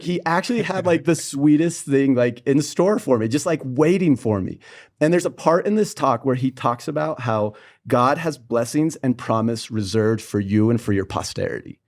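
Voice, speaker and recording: A young man co-hosting a faith podcast, chatting casually and telling a personal story with animation. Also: mid-range voice. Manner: animated storyteller who acts out the people he quotes. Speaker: podcast co-host.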